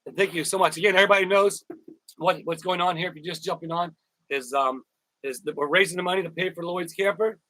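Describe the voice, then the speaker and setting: Chatty man live-streaming, bright dry voice. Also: sits high, quick pace, dry recording, rough recording. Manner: rambling, repeats words, thanks viewers by name. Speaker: YouTuber live-stream host. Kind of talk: casual live-stream chat.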